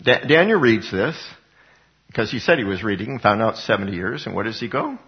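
A middle-aged man preaching a sermon, telling a personal story with lively swings up into high exclaimed passages. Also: fairly quick. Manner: animated storytelling, voice jumping high for acted quotes. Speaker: pastor. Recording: dull lo-fi recording.

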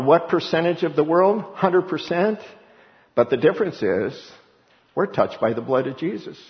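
A man preaching a sermon to his congregation, animated, often acting out scripture voices with sudden high-pitched bursts. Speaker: pastor. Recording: dull sound with long reverb in a hall.

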